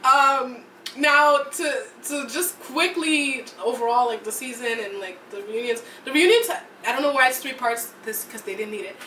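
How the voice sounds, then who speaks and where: Co-hosting a podcast, a woman gossips casually about reality TV, rambling and restarting her thoughts. Her high voice is bright and forceful at a normal speed. A faint hiss or hum runs under the roomy, distant-mic recording.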